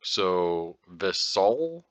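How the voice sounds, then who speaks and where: A man's voice: low-pitched, very animated, drawn-out words, no room sound. An American man talking casually as a podcast host, rambling with lots of fillers and restarts and the odd swear word. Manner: informal, occasionally profane. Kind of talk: casual explanatory talk.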